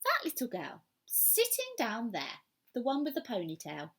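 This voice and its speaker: A woman voicing a gentle but firm mother barn owl in a storybook reading. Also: a little high, moderate pace, voice pushed up, heavily acted. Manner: calm, firm.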